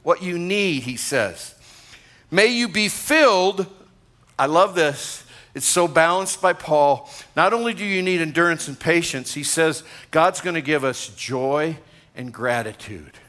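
A man's voice: on the high side, animated, a little slow, fairly bright tone. A man in his sixties, a pastor, preaching a sermon to a congregation in a conversational way, with asides to the room. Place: church gathering.

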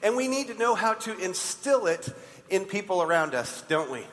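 Brief male pastor, high voice, chatty sermon, reverberant church hall. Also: very animated, moderate pace, fairly bright tone. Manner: conversational, asks the congregation questions.

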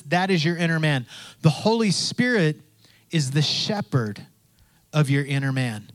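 A man's voice: sits high, no echo. A man preaching a sermon in a conversational way, repeating phrases and acting out the voices he quotes. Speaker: pastor.

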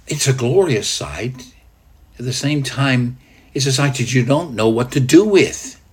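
A male preacher tells a sermon slowly, in a breathy, husky voice whose pitch rises and falls widely. He pulls the listener into the scene as "you", building to loud peaks and dropping to near-whispers. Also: animated. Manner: dramatic guided storytelling, swinging from loud to hushed.

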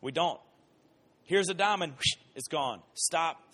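A man gives a casual, conversational Bible lesson, moving between lively everyday examples and slow, emphatic repetition. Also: medium pitch. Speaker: Bible teacher. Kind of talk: casual sermon.

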